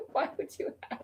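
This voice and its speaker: A woman in casual chat, amused, giving slow, short replies.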